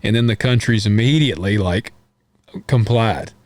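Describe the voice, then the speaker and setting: An American man co-hosting a podcast, chatting casually about politics in a rambling, folksy, animated way. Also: fairly low pitch, moderate pace, no room sound. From United States. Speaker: podcast co-host.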